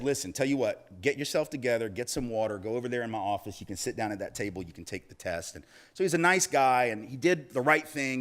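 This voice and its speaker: A man giving a storytelling speech, lively and acting out the voices of people in his anecdotes. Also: medium pitch. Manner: animated, acts out quoted voices. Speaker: public speaker.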